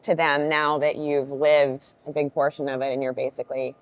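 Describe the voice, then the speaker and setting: A woman's voice: sits low, flat delivery, moderate pace. A woman interviewer asking questions and encouraging her guest with short affirmations.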